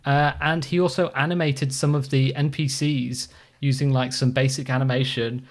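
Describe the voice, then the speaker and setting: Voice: medium pitch, little pitch movement, normal speed, background noise. A podcast host catches up with co-hosts in a loose, easygoing ramble. The talk is full of fillers and restarts, with a self-deprecating streak. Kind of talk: casual podcast chat.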